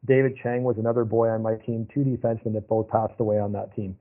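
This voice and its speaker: A man's voice: lowish voice, level tone, fast talker. Male guest, casual anecdotal storyteller, thin phone-line sound. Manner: rambling, anecdotal, repeats himself. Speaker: podcast guest.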